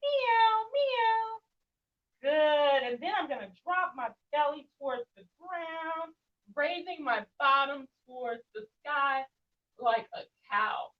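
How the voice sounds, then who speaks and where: A woman's voice: high-pitched, a little slow. A young woman leading a children's yoga class, playful and encouraging, with sing-song prompts. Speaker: kids yoga teacher. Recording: muffled sound, distant from the mic.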